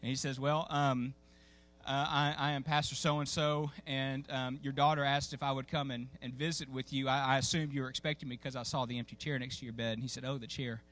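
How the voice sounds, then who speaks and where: Speaking a little fast, a pastor with a medium-pitched, fairly bright, level voice preaches in a church sanctuary. He tells a story folksily and conversationally, often restarting and using plenty of fillers.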